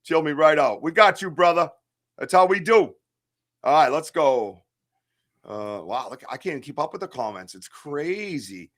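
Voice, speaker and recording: A man's voice: on the high side, expressive, unhurried, fairly bright tone. A man hosting a casual livestream podcast, hyper and joking as he reads out chat comments. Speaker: podcast host.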